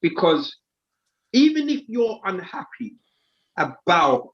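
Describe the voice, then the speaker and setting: A man's voice: on the high side, slightly rough, dull audio. A man, talking heatedly and indignantly in a casual podcast discussion, using slang. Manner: animated, indignant, uses slang.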